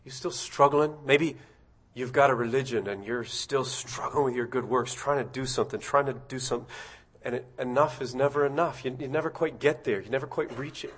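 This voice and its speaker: A man preaching a sermon, asking his congregation direct questions and swelling into loud, impassioned passages. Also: fairly quick. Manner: rising to loud, high-pitched impassioned preaching.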